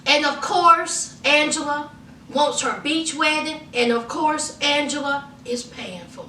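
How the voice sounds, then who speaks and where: A woman recapping a reality show in sassy, animated casual commentary, acting out what the cast said. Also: high-pitched, takes it slowly, a little hiss or hum. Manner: sassy, animated, acts out quotes. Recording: echoey room, from far off.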